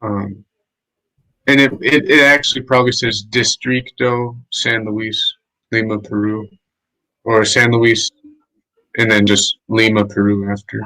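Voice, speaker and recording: A man's voice: lowish voice, fairly even intonation, measured pace, bright, forceful tone, poor audio. A man chatting casually on a home livestream, laid-back and chatty, leaning on "like" a lot. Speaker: guest streamer. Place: home, living in Lima. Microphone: streaming mic setup.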